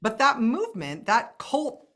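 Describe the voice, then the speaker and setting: A woman guest in a casual political conversation, talking in a wry, animated way with laughs and quick asides. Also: a little high.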